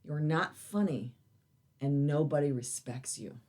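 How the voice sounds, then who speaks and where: A woman's voice: deep voice, unhurried, mellow. A middle-aged woman, a comedian co-hosting a podcast, blunt and teasing in casual chat. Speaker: comedian co-host.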